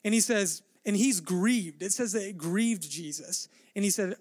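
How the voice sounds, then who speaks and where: Man, pastor, sermon, high voice, dry close sound, earnest, acts out scripture dialogue. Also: unhurried, few pauses, dry recording. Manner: earnest preaching with rising intensity, acting out Bible dialogue.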